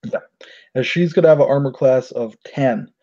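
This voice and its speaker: A man who is game master, narrating a tabletop game in a relaxed way, with plenty of fillers. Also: medium pitch, normal speed. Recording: dull lo-fi recording.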